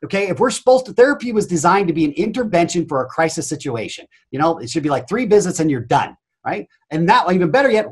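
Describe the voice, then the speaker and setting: A man's voice: high voice, husky. A man speaking as a coaching guest on a podcast, blunt, emphatic and full of energy, swearing freely. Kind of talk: energetic interview talk.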